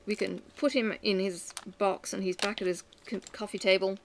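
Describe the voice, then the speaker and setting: A woman chatting casually to camera in a lively, self-mocking way. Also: medium pitch, normal speed, slight background noise. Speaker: vlogger.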